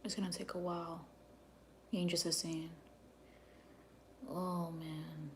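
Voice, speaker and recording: A woman's voice: on the low side, flat delivery, brisk, fairly bright tone, a little hiss or hum. A woman chatting casually on a livestream as a psychic reader, laughing often and sometimes dropping to near whispers. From New York.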